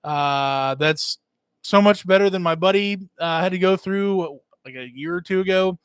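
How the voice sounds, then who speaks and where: A man's voice: high voice, normal speed, clear, resonant tone, no room sound, clean studio sound. A middle-aged man hosting a casual live stream from home, greeting chat viewers by name with lots of "uh" fillers. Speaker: livestream host. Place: at home, indoors.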